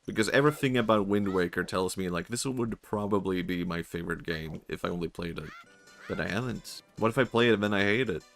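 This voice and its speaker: Man, Swedish accent, low gravelly voice, rambling jokey game stream, faint music behind. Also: brisk, fairly bright tone. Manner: rambling, jokey, laughs often. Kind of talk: casual gameplay commentary.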